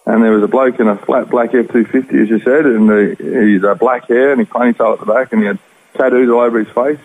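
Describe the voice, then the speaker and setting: A man with an Australian accent telling his personal story in rough, slangy speech as an interview guest. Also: mid-range voice, fairly even intonation, fast, phone-quality sound. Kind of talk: personal testimony.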